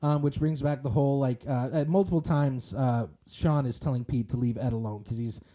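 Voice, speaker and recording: Mellow-voiced man rambling about a film. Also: mid-range voice, fairly even intonation, brisk. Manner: rambling, many fillers and restarts. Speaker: podcast co-host. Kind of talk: casual movie discussion.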